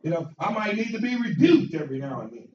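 A man preaching from the pulpit, his somewhat high voice rising into shouted peaks and repeating phrases. The sound is dull and distant, caught from across an echoey church sanctuary. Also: sing-song, quick pace. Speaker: pastor. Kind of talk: sermon with invitation to join the church.

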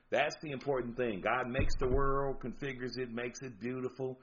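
A man's voice: fairly quick, few pauses. A man preaching a sermon, reading out scripture verses and pressing his points with emphasis. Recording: dull low-fi recording with faint noise.

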